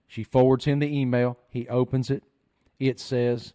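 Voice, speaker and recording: A man hosting a podcast, telling a story in an earnest, animated way. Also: medium pitch, normal speed, clear, resonant tone. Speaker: podcast host. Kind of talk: storytelling chat.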